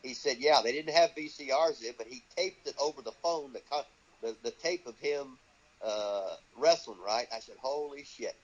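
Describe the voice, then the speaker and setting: A man's voice: mid-range voice, moderate pace. Older guy swearing nonstop through his wrestling stories, does everybody's voices, kinda muffled lo-fi audio. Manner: swears constantly, acts out quoted voices. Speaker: guest, wrestling trainer. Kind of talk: profane storytelling in an interview. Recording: dull lo-fi audio.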